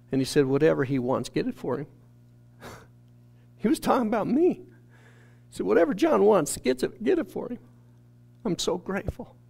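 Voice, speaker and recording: A man's voice: on the high side, vocal fry. A man from a church staff telling an earnest, emotional testimony in a sermon. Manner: earnest storytelling, rising to shouted quotes.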